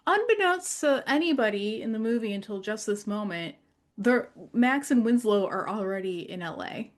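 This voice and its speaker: A woman's voice: a little high, animated, moderate pace. A woman on a podcast recapping a film's plot in casual chat, mock quoting the characters. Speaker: podcast host recapping the film.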